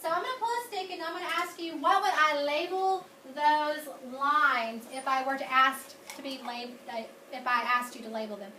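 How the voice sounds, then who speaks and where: High-voiced teacher in echoey classroom. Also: female voice, moderate pace, few pauses, sharp tone, far from the mic, a little hiss or hum. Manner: upbeat, coaxing, repeats key words. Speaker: elementary school teacher. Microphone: far camera.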